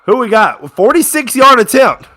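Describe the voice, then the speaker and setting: A young man giving casual live reaction commentary on a game as a fan, swinging from low grumbling to excited shouts on big plays. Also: normal speed.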